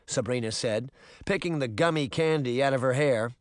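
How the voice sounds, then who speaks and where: A man's voice: medium pitch, expressive, normal speed, dry recording, clean studio sound. A man reading a storybook aloud, shifting his voice for each character. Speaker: audiobook narrator.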